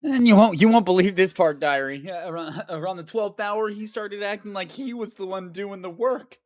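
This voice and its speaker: A woman's voice: mid-range voice, normal speed, no room sound, studio quality, lightly acted. A woman voicing a long-suffering male game hero stuck in a cave, complaining melodramatically and sarcastically in a comedic diary monologue. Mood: exasperated.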